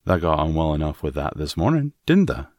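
A man's voice: very deep voice, very animated, a little fast, a little mellow, no echo, clean studio sound. A man voicing a cheerful, forthright young Yorkshire maid with a broad Yorkshire accent in a storybook reading. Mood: cheerful, blunt. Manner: broad dialect, homely and forthright.

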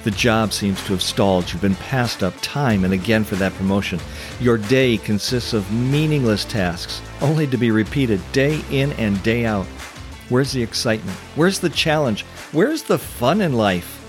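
Emphatic lower-voiced man preaching. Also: lively intonation, normal speed, music in the background. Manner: emphatic, rhetorical questions, preacherly. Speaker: podcast host and Christian coach. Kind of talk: scripted podcast teaching.

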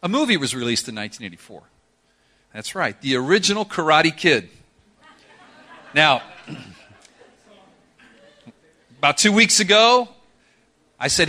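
Guy preaching a sermon, bright tone, kinda high voice, goes loud then real quiet. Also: a little slow, long pauses. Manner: animated storytelling with dramatic drops to soft voice. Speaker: pastor.

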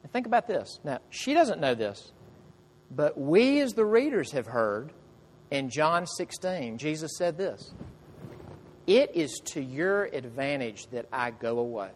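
A man preaches a sermon with a fairly high voice, telling the story conversationally and throwing rhetorical questions at his listeners. His voice rings out with a long reverb, as in a large hall. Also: sing-song, measured pace, a little hiss or hum. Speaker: pastor.

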